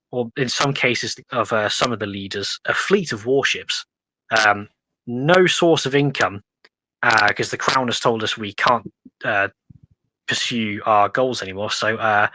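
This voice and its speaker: A man's voice: fairly low pitch, a little slow, bright, forceful tone, dry recording, poor audio. An English man chatting casually about history on a podcast, rambling along with lots of ums and restarts. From England. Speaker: podcast guest.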